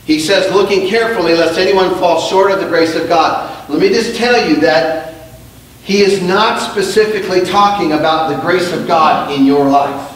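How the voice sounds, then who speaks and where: A male pastor delivering a sermon, moving from quiet storytelling to loud, drawn-out emphasis and drawing call-and-response from the congregation. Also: high voice. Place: church sanctuary. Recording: echoey church sanctuary, mic at a distance.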